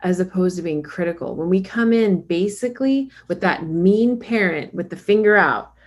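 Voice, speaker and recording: A woman mental health counselor explaining ideas calmly on a podcast. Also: lowish voice, moderate pace. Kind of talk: conversational podcast talk.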